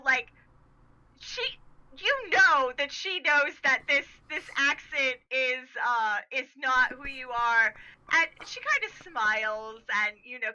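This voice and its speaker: Bright, slow-talking woman running a game. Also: high voice. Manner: chatty, many fillers and restarts, laughs easily. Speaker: game master. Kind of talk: narrating a tabletop game. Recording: dull lo-fi recording.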